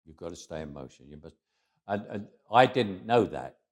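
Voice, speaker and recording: An older Englishman with a London accent tells stories in a relaxed interview. His voice sits very low, and he talks in a wry, anecdotal way, often stopping to restart a phrase before slipping into quoted dialogue. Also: moderate pace. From England. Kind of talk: casual interview storytelling.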